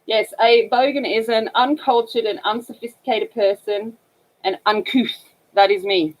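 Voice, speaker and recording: Speaking at a moderate pace, this northern Australian woman keeps her fairly high, scratchy voice quite even in intonation. She rambles through casual, filler-heavy chat while coloring on her livestream, her Australian accent clear throughout.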